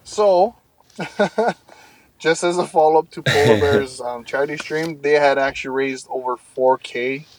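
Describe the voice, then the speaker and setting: Brief: earnest male co-host with a high voice, clear crowd in the background. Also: measured pace. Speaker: podcast co-host. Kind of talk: casual podcast banter.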